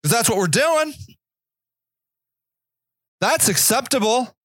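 A man hosting a podcast, delivering an angry, profane monologue rant, often shouting. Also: very high-pitched, expressive, slow, no echo, clean studio sound. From Northeast Ohio. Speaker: podcast host.

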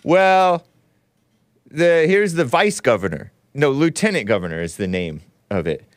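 Male show host, sarcastic, lively up-and-down delivery, dry close sound. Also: mid-range voice, a little slow, no echo. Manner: sarcastic, mocking. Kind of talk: casual commentary.

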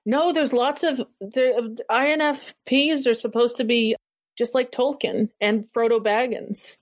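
A woman co-hosting a casual chat, wry and quick to laugh, with deadpan asides. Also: on the high side. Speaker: podcast co-host.

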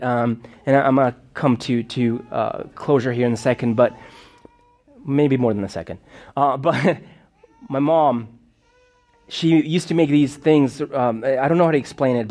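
A man's voice: mid-range voice, a little mellow. A man telling a personal story in a sermon, talking in a loose, conversational way full of fillers and restarts. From Moldova. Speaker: preacher.

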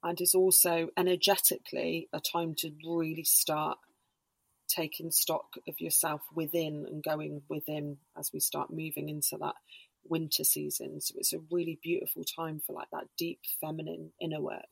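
A woman speaking in a husky, gravelly voice, pitched on the low side. She talks through her ideas slowly in a relaxed podcast chat, leaning on fillers. The recording is close and dry. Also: dry recording. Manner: explains slowly with many hedging fillers. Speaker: podcast guest, Reiki practitioner and embodiment coach.

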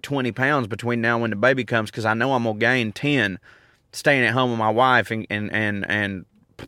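A man's voice: medium pitch, sharp tone, clean tone, no room sound, studio quality. A man in his thirties with a Southern accent, joking and rambling through a casual outdoor monologue as a podcast host. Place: outdoors in a park.

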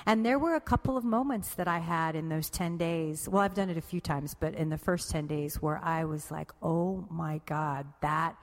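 A woman with a somewhat low voice talks casually and rambles, stopping to fix her words and laughing easily. Her voice rings out with a long, hall-like reverb, as if she were recording in a large open room. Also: fairly quick, hardly any pauses. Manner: rambling, self-correcting, laughing often. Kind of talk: casual conversation about meditation.

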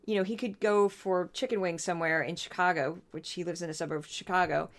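A young adult woman hosting a solo podcast, talking bluntly and indignantly with sarcastic asides. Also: on the low side. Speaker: podcast host.

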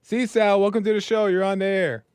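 A man's voice: sits high, little pitch movement, brisk, a little mellow, smooth, dry recording, studio quality. A man hosting a call-in podcast, talking casually and emphatically in slang. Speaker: podcast host.

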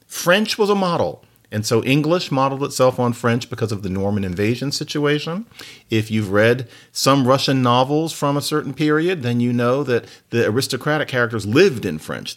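A man hosting a solo podcast in a chatty, wry, digressive way, with playful asides and sudden jumps up in pitch when he stresses a point. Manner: lively, with big jumps up in pitch on emphasis. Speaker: podcast host.

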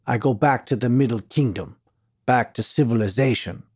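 A man's voice: medium pitch, darkish tone, husky, dry recording, studio quality, lightly acted. Proud laundryman, clipped broken English, as a male narrator puts him on, audiobook western. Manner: clipped, halting, insistent. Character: proud middle-aged Chinese laundryman, broken English, dignified.

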